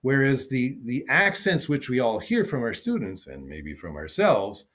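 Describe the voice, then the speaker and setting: A man's voice: mid-range voice, sing-song, unhurried, a bit bright. Man teaching piano over a video call. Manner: thinking aloud, demonstrating with short repeated phrases. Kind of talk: online teaching session.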